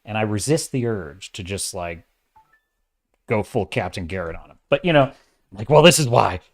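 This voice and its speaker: A man's voice: on the low side, animated, moderate pace. A man hosting a casual livestream of entertainment commentary, opinionated and exasperated, talking in bursts with restarts. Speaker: host of a sci-fi and fantasy commentary channel.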